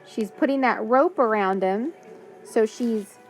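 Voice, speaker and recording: A woman's voice: a little high, slow, soft background music. A woman teaching a phonics lesson to young children, patiently sounding out words and praising answers.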